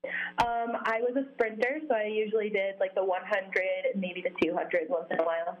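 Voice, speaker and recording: A young woman from Vermont chats as a guest over a slightly dull, lo-fi line. Her pitch sits in the middle of the range. She sounds cheerful and drops in plenty of ums as she answers. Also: fairly even intonation, moderate pace. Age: young adult. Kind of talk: casual interview.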